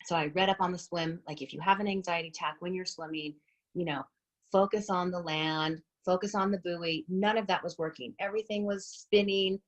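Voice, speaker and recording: A woman in her thirties, a fitness instructor, giving a chatty, encouraging group talk and coaching listeners through deep breathing. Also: fairly even intonation, a little fast.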